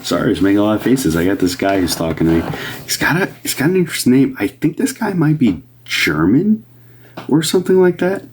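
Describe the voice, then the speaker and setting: A man's voice: mid-range voice, very animated, fast, a little hiss or hum. A man doing live medium readings on a stream, talking casually and rambling with many fillers and restarts. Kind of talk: casual livestream talk.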